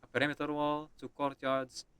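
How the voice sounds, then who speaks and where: A man's voice: fairly high pitch, monotone, moderate pace, fairly bright tone, smooth, no room sound. A man streaming, reading and voicing a game's story with chatty asides.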